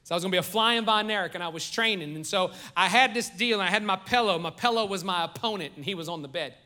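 Animated, bright-voiced pastor preaching. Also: male voice, high-pitched, fast. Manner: animated storytelling, joking with the congregation. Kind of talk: sermon. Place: church sanctuary.

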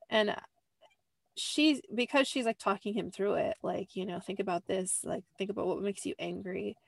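A gravelly, mid-range woman's voice comes through with no echo. She's recapping a show on her podcast from a cramped little room, speaking into a close desk mic in a rambling, casual way with lots of "like" fillers and apologetic asides.

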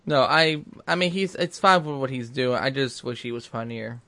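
A man's voice: mid-range voice, fairly even intonation, normal speed, pushed and bright. A man hosting a casual podcast chat, talking in loose run-on sentences full of fillers and restarts. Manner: rambling, many restarts and fillers. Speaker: podcast host.

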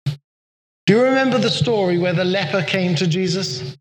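High-voiced preacher in an echoing hall. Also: male voice, slight background noise. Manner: earnest, slows down for emphasis. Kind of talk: sermon. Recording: echoey hall with long reverb.

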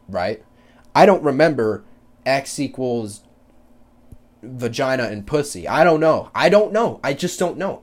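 Blunt, profane young man ranting. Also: mid-range voice. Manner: profane, blunt ranting with swings into loud mocking quotes. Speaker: podcast host. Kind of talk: casual solo podcast rant.

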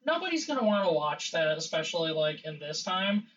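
A man's voice: fairly high pitch, very animated, a little fast, fairly bright tone. A man co-hosting a casual podcast chat, blunt and wisecracking. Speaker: podcast co-host. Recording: distant, dull-sounding mic.

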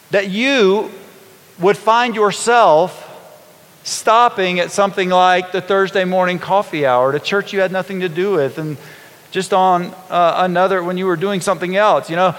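A man, a pastor, preaching a sermon in a relaxed storytelling way, often asking his congregation questions. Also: high voice. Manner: conversational, folksy, asks the congregation questions. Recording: long hall reverb.

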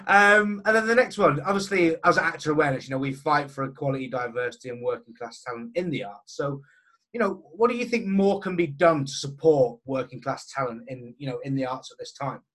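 A man's voice: fairly high pitch, lively intonation, brisk, a bit bright. A man hosting a casual interview for an actors' organisation, chatting and often agreeing with his guest. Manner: chatty, agreeing with frequent yeahs.

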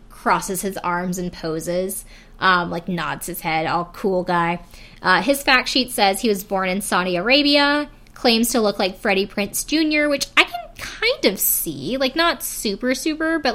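A woman's voice: medium pitch, bright, forceful tone. A young woman hosting a casual podcast, recapping a reality show in a chatty, giggly way, full of "like" and "um". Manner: chatty, giggly, heavy use of "like" and "um". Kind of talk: casual chat.

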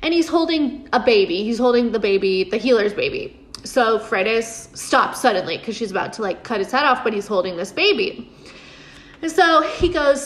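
A woman casually recapping a TV episode in a chatty way, full of fillers and quick laughs. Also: fairly high pitch, expressive. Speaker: show recap host. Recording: roomy echo.

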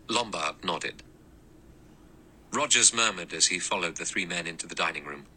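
A man narrating an audiobook in a steady, measured way. His voice is very low yet bright and sharp in tone. The delivery is even and deliberate. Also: a little hiss or hum, poor audio. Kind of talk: scripted narration.

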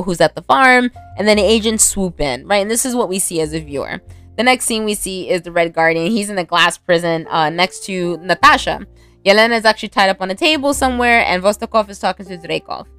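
A woman's voice: fairly low pitch, a bit bright, clear, resonant tone. A woman casually recapping a film, rambling with many fillers and frequent laughter. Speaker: movie recap vlogger.

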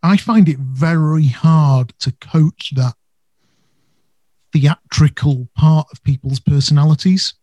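A man's voice: fairly high pitch, slow, dark tone, dry recording. A man co-hosting a casual business podcast, talking animatedly and stressing words for effect. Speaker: podcast co-host.

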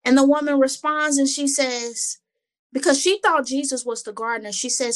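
At a moderate pace and in a high-pitched voice, a woman reads Bible verses and reflects on them earnestly and conversationally. A Bible study co-host, she often says words twice while gathering her thoughts.

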